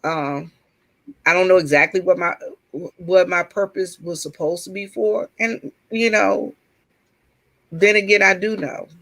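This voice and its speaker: A woman's voice: on the low side, steady tone, fairly bright tone, low-quality recording. Earnest woman sharing her own story. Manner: earnest and open, with halting restarts. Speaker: chat room participant. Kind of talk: personal storytelling in a casual group chat.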